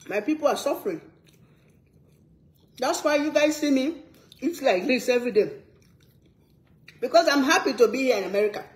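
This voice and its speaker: In an echoey room, this Sierra Leonean cooking vlogger talks to her audience in a high, slightly mellow voice with a Sierra Leonean English accent. Her relaxed vlog tone stays earnest and forceful, and she says things twice to drive them home.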